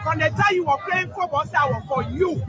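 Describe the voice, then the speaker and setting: A woman's voice: sits high, brisk. A woman with a Liberian English accent interviewed on the street, speaking in an earnest, motherly, pleading way. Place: outdoors on a busy street. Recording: outdoor crowd and traffic noise.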